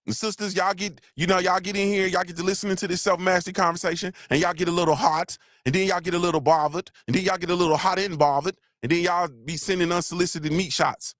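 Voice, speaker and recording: Livestream host, man, slightly high voice, dry close mic, loose and preachy. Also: steady tone, quick pace, hardly any pauses, no echo. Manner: loose, joking, preachy, shouts out viewers. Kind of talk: casual motivational livestream talk.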